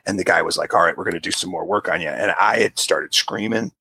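A man's voice: fast, vocal fry, breathy edge, dry recording. A man in his fifties telling a long personal story in casual chat, acting out the people in it. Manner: animated storyteller, jumps to high pitch for quoted voices.

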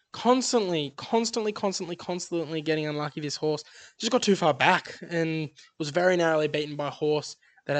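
An upbeat man talks through his racing tips, rattling off odds and form. His voice sits a little higher than most men's. He sounds like a relaxed podcast co-host chatting with a friend. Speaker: podcast co-host tipping horse races. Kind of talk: casual racing tips chat.

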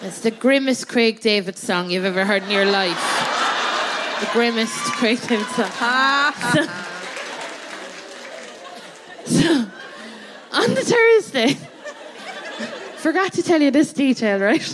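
A woman's voice: a little high, animated, measured pace, crowd noise, background noise. An Irish woman doing comic storytelling on stage, chatty and laughing through her own tale, checking in with "right?" as she goes. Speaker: comedian and guest co-host. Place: theatre stage before a live audience.

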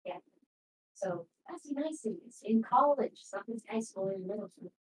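A woman chatting casually before a live stream, retelling a show in a rambling, animated way with lots of fillers. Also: a little high, normal speed. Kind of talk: casual chat. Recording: roomy, distant mic with background noise.

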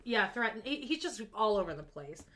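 A woman co-hosting a casual podcast, recapping a reality show with animated exclamations and fillers. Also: medium pitch, brisk, a crowd in the background. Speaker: podcast co-host.

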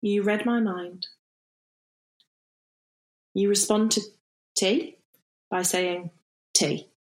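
British female co-host, teasing and giggly, mid-pitch, chatty podcast delivery. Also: fairly even intonation, drawn-out words, low-quality recording. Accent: British English. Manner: playful, teasing, laughs often. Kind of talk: casual podcast chat.

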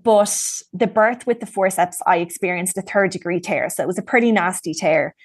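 A woman's voice: fairly low pitch, normal speed, slightly rough, no echo. A woman from Ireland, speaking as a guest and frankly telling her own story in casual conversation, with plenty of ums and likes.

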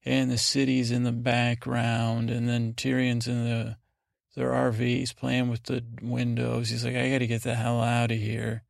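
Male podcast host, flat gravelly delivery, meandering sleepy recap, dry close sound. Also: medium pitch, dry recording. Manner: meandering, halting, full of fillers; paraphrases scenes in casual voices.

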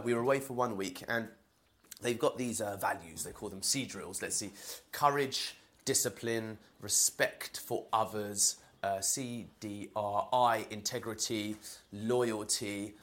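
A man from London with a London accent, talking through a casual solo podcast in a home, rambling with many fillers and restarts. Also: fairly low pitch. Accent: London English. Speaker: podcast host. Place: indoors in a home kitchen while boiling eggs.

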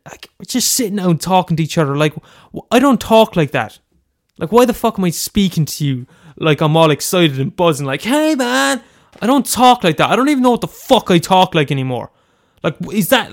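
A young Irish man performing a radio host in a comedy sketch, ranting profanely with many restarts. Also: high-pitched.

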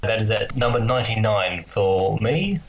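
A man co-hosting a casual film-ranking chat, hesitant and stammering, often pausing with "uh". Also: on the low side, lively intonation, vocal fry, low-quality recording. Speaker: podcast co-host.

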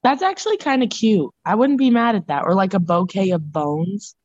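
A woman's voice: mid-range voice, lively intonation, moderate pace, a little mellow, no echo. Slangy, laughing woman guest, dull lo-fi sound. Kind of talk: casual chat.

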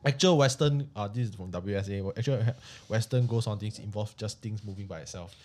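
A man's voice: lowish voice, fairly quick, a little mellow. A man with a Singaporean English accent chatting casually as a podcast guest, laid-back and dropping "lah" often. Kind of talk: casual chat.

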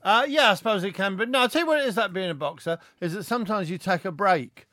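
A man's voice: sits high, fast talker, sharp tone, no echo, clean studio sound. Jokey male comic on a panel. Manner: jokey, bantering. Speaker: stand-up comic, panel guest. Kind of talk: casual panel banter.

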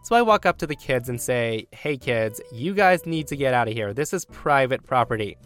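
Man, story narrator, mid pitch, brisk telling, soft music underneath. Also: expressive. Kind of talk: reading a reddit story aloud.

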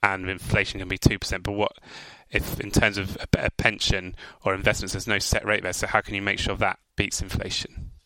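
A man's voice: low voice, level tone, fairly quick, hardly any pauses, sharp tone, no echo, poor audio. A man co-hosting a casual chat about personal finance, quizzing his partner in an upbeat game-show manner. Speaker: co-host.

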